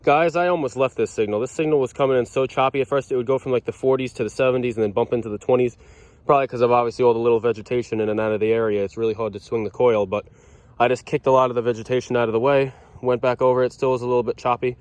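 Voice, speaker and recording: New york dude detecting in the brush, chatty and excitable, talks to the camera outside. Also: male voice, medium pitch, very fast, clean tone, dry recording. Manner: excitable, chatty, stumbles over words when thrilled. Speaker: metal detecting vlogger. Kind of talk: casual outdoor vlog commentary. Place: outdoors in thick brush.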